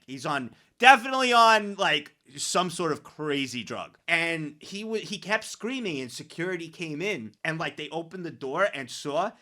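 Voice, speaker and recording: A young man streaming, reacting to clips and telling stories in loose, excitable slang. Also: a little high.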